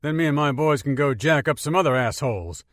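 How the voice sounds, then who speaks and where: A man playing a hulking Marine sergeant in an audiobook, gruff and cocky. He talks loud and blunt, and the recording is dry and close. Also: a little high, animated, a little fast, dry recording, pitched above the performer's own voice, natural voice. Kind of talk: audiobook character voice.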